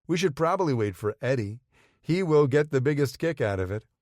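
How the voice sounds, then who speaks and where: A man's voice: mid-range voice, lively intonation, brisk, darkish tone, dry recording, studio quality, voice pushed up, close to an everyday voice. A man voicing a smug, wry partner. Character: smug, affectionate grown man, partner and father.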